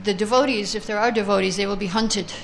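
A woman leads a scripture class, chanting verses slowly before reading them out and explaining each one. Her voice sits at an ordinary middle pitch, and a faint hiss of background noise runs under it. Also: steady tone, vocal fry. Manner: chants Sanskrit verses slowly, then reads translations and explains; takes answers from the class.

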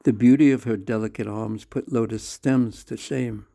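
A man reading a devotional story aloud at a measured pace, with slow pauses and the odd self-correction. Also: mid-range voice, steady tone, vocal fry, warm tone.

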